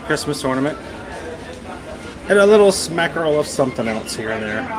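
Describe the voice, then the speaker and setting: A man's voice: fairly high pitch, very animated, fairly quick. A man casually hosting a walking livestream, chatting and joking as he strolls around. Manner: chatty, meandering, with light jokes. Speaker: livestream host. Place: outdoor theme park walkway. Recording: busy theme park crowd behind.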